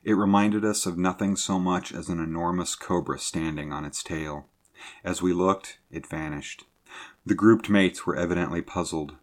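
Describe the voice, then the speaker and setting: Deep-voiced man narrating a sea story. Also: normal speed.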